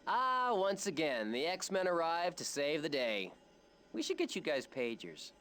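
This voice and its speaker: A man's voice: fairly high pitch, huge pitch swings, measured pace, a bit bright, slight background noise, full character voice. An actor playing a cheerful, wisecracking male mutant in a video game, with a jokey, breezy delivery. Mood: joking.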